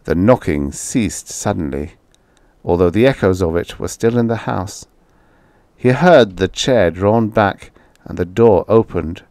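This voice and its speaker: A man narrating a vintage horror short story as an audiobook, in a slow and dramatic storytelling manner. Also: low-pitched, lively intonation, darkish tone, no room sound.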